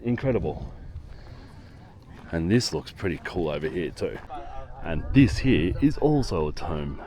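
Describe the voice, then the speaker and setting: A travel vlogger with a low, mellow voice leads an enthusiastic walking-tour vlog outdoors at an archaeological site. He is very animated, speaks at a measured pace and exclaims often.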